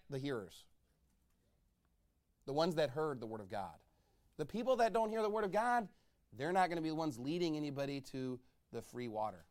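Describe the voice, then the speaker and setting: A male pastor preaching a sermon, reading scripture slowly and swinging between loud shouted calls and low quiet asides. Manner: reads scripture in slow, drawn-out cadence.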